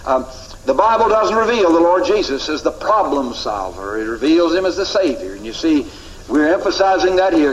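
A man's voice: fairly high pitch, very animated, moderate pace, lo-fi sound, a little hiss or hum. A man teaching a Bible class, emphatic, repeating key phrases and asking rhetorical questions.

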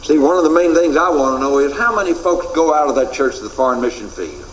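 A man's voice: on the high side, expressive, fast, a little hiss or hum. A man teaching a classroom Bible lecture in an earnest way, repeating his key points for emphasis. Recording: echoey room recording.

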